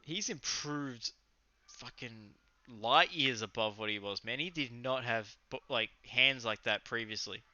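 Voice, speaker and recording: A man's voice: mid-range voice, unhurried, pushed and bright, no echo. A young Australian man co-hosting a casual fight recap, talking loosely and enthusiastically, with some swearing and rambling. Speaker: podcast co-host. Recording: slightly muffled lo-fi audio.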